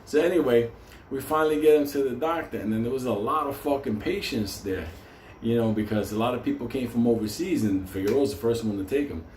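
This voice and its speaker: A man's voice: medium pitch, a little fast, a little mellow. A man from New York telling a story casually, swearing constantly and laughing through his words. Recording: roomy echo, faint hum.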